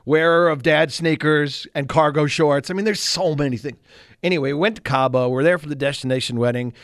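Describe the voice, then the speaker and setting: A man in his sixties, a radio co-host, telling a self-mocking story in casual, animated chat. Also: on the high side, fairly quick, no room sound, clean studio sound.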